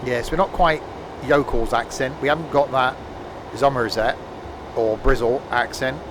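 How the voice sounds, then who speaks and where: A man's voice: mid-range voice, steady tone, a little slow, noisy background. A man streaming a train simulator live, chatting and rambling as he counts off the stops. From England. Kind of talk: live game commentary.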